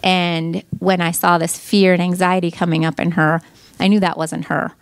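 A middle-aged woman telling her story as a mother, earnest and halting, often restarting her sentences. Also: lowish voice, flat delivery, no echo. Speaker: mother giving a testimonial. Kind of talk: personal testimonial.

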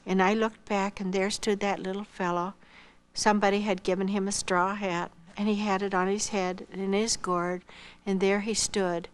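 An older woman from Iowa, a missionary earnestly telling her life testimony, acting out dialogue and dropping softly toward a whisper at tender moments. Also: mid-range voice, little pitch movement, moderate pace, clear, resonant tone. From Iowa, United States. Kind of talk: personal testimony storytelling.

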